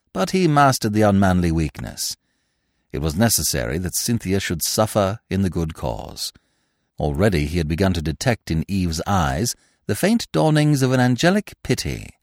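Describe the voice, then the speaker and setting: A man narrating a classic story with an expressive reading. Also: fairly low pitch, no echo, clean studio sound. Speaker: podcast narrator. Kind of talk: scripted narration.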